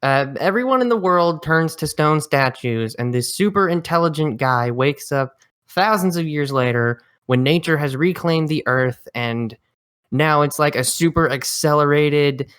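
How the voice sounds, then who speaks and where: Male podcast host, smooth clear voice, quick and blunt, wry asides. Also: a little high, a bit bright. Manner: quick, blunt and wry, reads titles aloud. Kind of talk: casual podcast chat.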